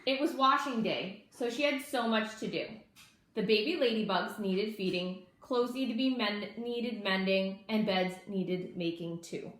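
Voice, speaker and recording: A woman's voice: mid-range voice, a little slow, a bit bright. A woman teacher reading a storybook aloud and speaking directly and kindly to young children. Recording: echoey room.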